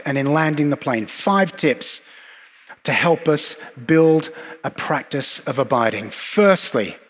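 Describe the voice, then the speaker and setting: Guy preaching a sermon, bit higher voice, husky, long echo like a big church hall. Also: fairly bright tone. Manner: earnest, reflective, with measured pauses and repeated phrases.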